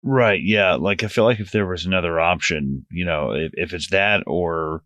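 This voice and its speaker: A man's voice: low-pitched, moderate pace, highs cut off. A man co-hosting a film podcast, chatting casually and animatedly, swearing now and then. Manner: animated, swears casually, reads listener comments. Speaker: podcast co-host. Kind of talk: casual chat.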